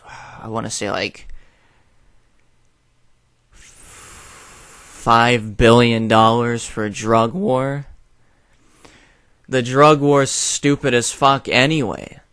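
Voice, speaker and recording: A man's voice: medium pitch, fairly bright tone, clear, resonant tone, no echo, clean studio sound. A young man who rants his opinions to his viewers in a blunt, profane way, with a lot of fillers. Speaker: video commentator. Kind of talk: opinion rant to camera.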